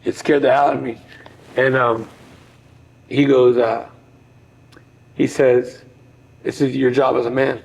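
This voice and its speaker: Podcast guest, middle-aged man, gravelly voice, earnest and reflective storyteller. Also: medium pitch, little pitch movement, measured pace, pauses often, poor audio. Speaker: podcast guest, former boxer. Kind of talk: personal storytelling in conversation.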